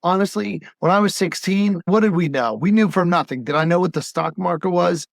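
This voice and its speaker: A man's voice: sits high, a little fast, vocal fry, no room sound, studio quality. A man who is a pediatric gastroenterologist, talking in a casual podcast conversation and telling stories as he acts out the voices of patients' parents.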